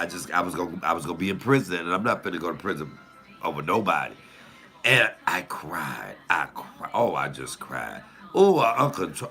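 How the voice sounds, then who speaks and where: Gravelly, bright-voiced man telling stories. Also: lowish voice. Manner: profane, animated, confiding. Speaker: comedian and channel host. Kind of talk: casual storytelling to camera.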